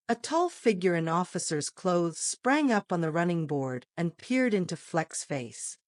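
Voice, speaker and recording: A woman narrating an audiobook with a lively, expressive reading. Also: on the low side, unhurried, hardly any pauses, no room sound, clean studio sound. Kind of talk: scripted narration.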